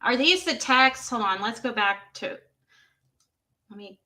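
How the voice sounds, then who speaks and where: A woman reading screenshots of text messages to her livestream audience. She speaks slowly, in a bright and slightly high voice. She keeps stopping to react with exclamations and laughs. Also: lively intonation. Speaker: livestream host. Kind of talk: reading texts aloud on a livestream.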